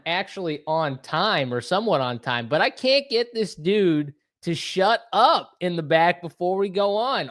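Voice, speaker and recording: Upbeat man hosting a sports show. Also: high voice. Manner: loose, joking banter. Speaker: show host. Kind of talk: casual sports betting chat.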